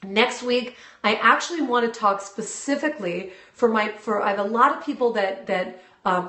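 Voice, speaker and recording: A fairly high-voiced woman hosts a casual live stream from her phone, bubbly and eager as she chats straight to her viewers. The room around her gives the voice a roomy echo. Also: moderate pace, bright, forceful tone. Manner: bubbly, enthusiastic, chatty with viewers. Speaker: live-stream host and video coach.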